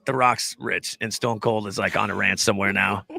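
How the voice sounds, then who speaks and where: A man's voice: on the low side, fairly even intonation, a little fast, creaky, bright, forceful tone. A man hosting a casual live show, joking around with his co-host and reading viewer comments. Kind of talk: casual live-stream chat.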